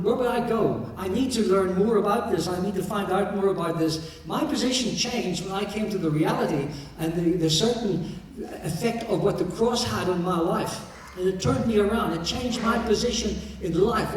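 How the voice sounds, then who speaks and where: A middle-aged man leading a memorial service as minister, preaching and explaining with light joking asides. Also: high-pitched. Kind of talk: sermon. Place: church. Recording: echoey church from far off.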